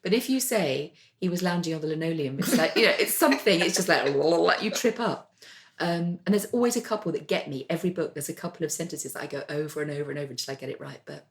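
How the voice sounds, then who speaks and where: A woman's voice: low voice, quick pace, few pauses. A woman novelist co-hosting a casual chat, chatty and self-deprecating, with rambling asides. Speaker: podcast co-host, novelist.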